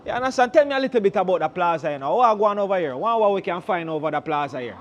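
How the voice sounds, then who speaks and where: A man with a Jamaican accent, narrating a walking tour outdoors on a town street, chatty and full of patois shout-outs. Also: high-pitched, lively intonation, rapid-fire, dull audio.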